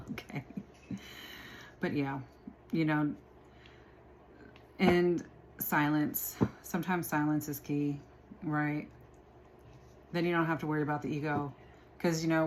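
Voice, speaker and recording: A tarot reader gives a casual reading, chatting with her viewers and laughing often. Her voice sits low, and there's slight background noise.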